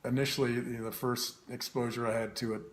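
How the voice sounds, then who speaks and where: Halting, thoughtful male interview host. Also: mid-range voice, flat delivery, slight background noise. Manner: thoughtful, halting, many restarts. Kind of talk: live interview conversation.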